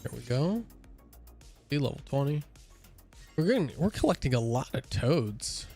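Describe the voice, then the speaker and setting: This young gaming streamer has a mellow mid-range voice with big pitch swings at normal speed, and faint music plays behind him. His casual chat while playing rambles, full of fillers and restarts, and he sounds a bit tired.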